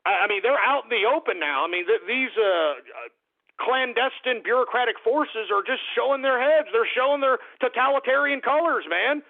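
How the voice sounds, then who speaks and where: Radio host, male, high and gravelly, heated profane rant, stammering repeats, narrow phone-like sound. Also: normal speed. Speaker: radio talk show host. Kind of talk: ranting talk radio monologue.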